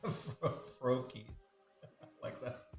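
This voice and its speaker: A man's voice: mid-range voice, very slow, faint music behind. A man who draws on a live stream, chatting casually with lots of giggling and rambling asides. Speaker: sketch artist streaming live.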